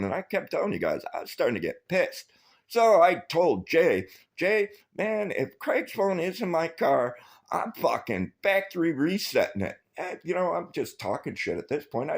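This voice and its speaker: A man telling a long, rambling story to his viewers, swearing constantly and mocking the people he quotes. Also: on the high side. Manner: profane, rambling, animated storytelling; quotes others in mocking voices. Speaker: vlogger. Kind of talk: rambling profane monologue.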